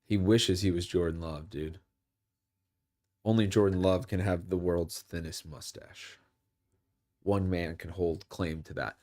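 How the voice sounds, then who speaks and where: Young male streamer, slightly low voice, casual rambling football commentary, jokey, erupts at big plays. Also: steady tone, measured pace, pauses often, darkish tone.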